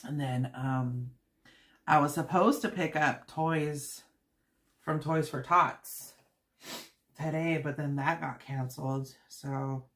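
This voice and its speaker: A woman's voice: low voice, fairly even intonation, takes it slowly, a bit bright. A woman hosting a live stream, chatting casually and venting in a rambling way with many fillers. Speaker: channel host.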